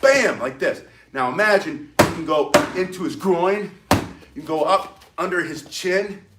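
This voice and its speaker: On a very noisy live stream, a martial arts instructor with a fairly high voice, lively intonation and a measured pace demonstrates walking stick self-defense. His talk is loose and rambling, and he stops to greet viewers between moves.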